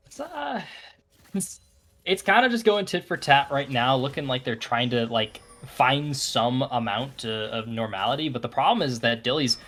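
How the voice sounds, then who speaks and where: A man giving relaxed, analytical commentary on a live esports match, thinking aloud with frequent fillers and restarts. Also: mid-range voice, moderate pace. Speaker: esports caster. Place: broadcast booth.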